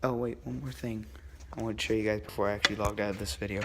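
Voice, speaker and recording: A young man recounting a spooky personal story at home, speaking low and hushed into a handheld camera. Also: steady tone, fast talker, heavy background noise. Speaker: vlogger. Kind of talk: first-person scary story telling. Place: at home, indoors.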